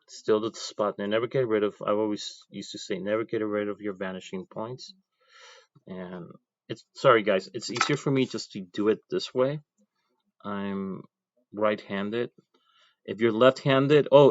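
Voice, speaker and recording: A man's voice: lowish voice, no echo, lo-fi sound. A man teaching an ink drawing class, talking casually as he draws and thinking aloud with chatty asides. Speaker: art teacher.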